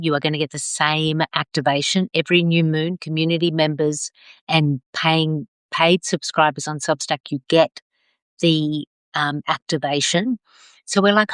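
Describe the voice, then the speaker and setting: A middle-aged woman leading a live video circle, gentle and affirming, drawing out her phrases as she reads out comments. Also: deep voice, dry recording, clean studio sound. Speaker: circle facilitator.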